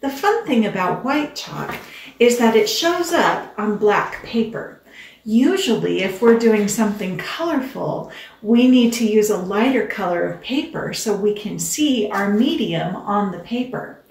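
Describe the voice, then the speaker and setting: An older woman hosting a children's show, teaching gently and patiently, explaining step by step. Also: medium pitch, roomy sound, far from the mic.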